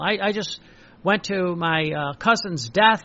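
A man's voice: high voice, measured pace, pushed and bright. An older man, a priest, preaching and telling personal stories, often stumbling and repeating words with many fillers. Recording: dull lo-fi recording.

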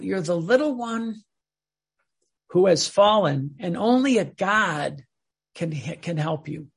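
A man's voice: high voice, gravelly, a bit bright, husky. A man giving an earnest religious teaching, often repeating and restarting his words. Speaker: preacher.

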